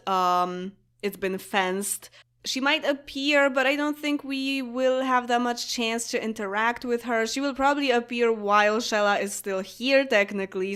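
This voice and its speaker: A woman's voice: medium pitch, a bit bright, clear, resonant tone. A young woman with Polish as her first language, casually commentating a life-sim game, chatting to her characters and laughing often. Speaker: gameplay commentator. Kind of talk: casual let's-play commentary.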